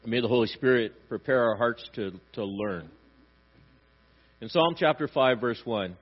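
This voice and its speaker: A man's voice: mid-range voice, a little slow. A male pastor reading scripture aloud and preaching with passionate emphasis. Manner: impassioned, rising to emphatic cries. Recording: dull lo-fi with mains hum.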